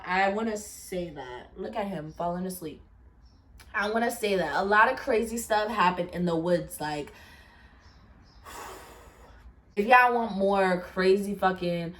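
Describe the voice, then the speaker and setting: A woman telling a casual storytime, animated, swearing and laughing often. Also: medium pitch, distant mic. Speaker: storyteller vlogger.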